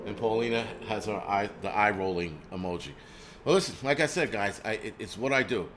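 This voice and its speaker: A man's voice: lowish voice, a little fast, background noise. A man from the United States hosting his own channel, talking bluntly in a profane, rambling rant. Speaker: channel host. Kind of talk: casual livestream rant.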